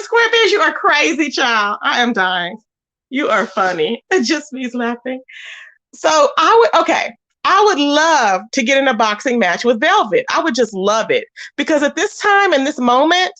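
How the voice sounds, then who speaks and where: Young woman streamer, sassy and animated, high bright voice, swings up and down a lot. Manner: sassy, animated, quick to laugh. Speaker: livestream host reading chat. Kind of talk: casual livestream chat.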